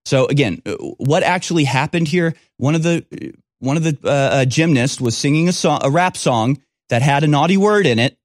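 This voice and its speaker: A man's voice: a little high, normal speed, no room sound, studio quality. A man reading news stories aloud and breaking off into scornful, sarcastic commentary as host of his own show.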